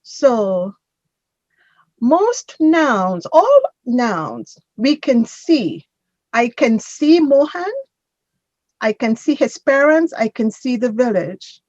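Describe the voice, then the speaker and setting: Slow, patient woman grammar teacher. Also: on the high side, very animated, darkish tone, no room sound, muffled recording. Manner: patient, corrects and drills pronunciation. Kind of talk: online class instruction.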